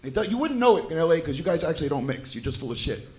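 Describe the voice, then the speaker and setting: A man doing profane, animated stand-up crowd work on a club stage. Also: on the high side, rapid-fire. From New York. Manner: brash, profane, animated banter with audience. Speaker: stand-up comedian.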